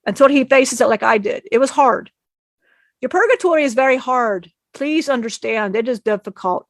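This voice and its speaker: A woman channeling a spirit, retelling a story in the first person in an emotional, halting way. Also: high-pitched, a bit bright, no echo.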